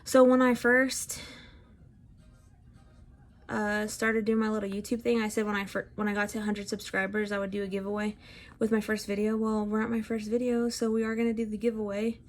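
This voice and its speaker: A young woman talks through her makeup routine in a relaxed, chatty way, joking about herself as she goes. She is heavily pregnant and audibly short of breath, sighing between sentences. It sounds like a home recording made on a camera in front of her. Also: medium pitch, a little fast. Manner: chatty and self-deprecating, with frequent sighs. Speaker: beauty vlogger. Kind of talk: casual makeup tutorial chat.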